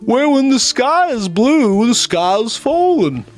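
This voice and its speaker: Brief: older male TV advice doctor, grave and riddling, slow delivery, as a man impersonates him. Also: very high-pitched, big pitch swings, soft background music, exaggerated voice. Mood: solemn. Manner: grave, declaiming nonsense sayings.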